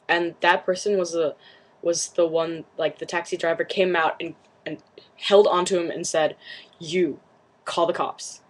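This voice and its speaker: A woman's voice: on the low side, low-quality recording. A young woman vlogger whose first language is Cantonese, retelling something to camera in casual chat, rambling and shaken, with many fillers and restarts.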